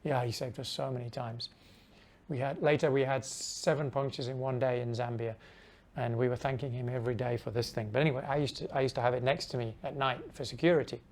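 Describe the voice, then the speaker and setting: Middle-aged man, travel vlogger, casual storyteller who acts out dialogue in hushed asides, mid pitch. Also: fairly even intonation, a little fast.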